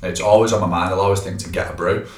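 A man's voice: sits low, fairly even intonation, quick pace. A man, a personal trainer co-hosting a podcast, chatting casually and explaining tips, with lots of fillers. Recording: echoey room, a bit far from the mic.

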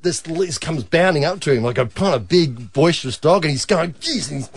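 A man's voice: a little high, fairly quick, slightly rough. An Australian man, a guest on a talk show, telling a laughing anecdote in casual chat.

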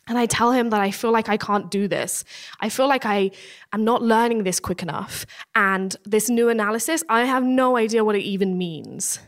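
A young woman tells her own story in a candid, self-deprecating way, with an everyday mid-range voice. She draws out the heavy moments slowly and then picks the pace back up. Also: medium pitch. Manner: candid and self-deprecating, slowing down for emotional beats. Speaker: PhD student. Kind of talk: first-person storytelling.

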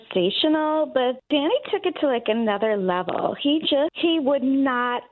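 A woman's voice: high-pitched, expressive, normal speed. A woman calling into a radio show, chatty and blunt, full of "like" fillers. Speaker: caller. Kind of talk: radio call-in. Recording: tinny phone line.

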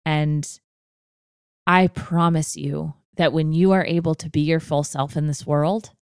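A woman's voice: low-pitched, steady tone, measured pace, darkish tone, clean tone, no room sound, clean studio sound. A woman in her twenties hosting a podcast, telling a personal story in an earnest, open way. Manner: earnest and open, emotional at times. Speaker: podcast host.

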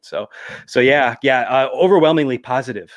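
A man's voice: medium pitch, normal speed, no echo. A man with a Minnesotan accent, a guest musician chatting casually and laughing easily on a video call. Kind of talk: casual interview chat.

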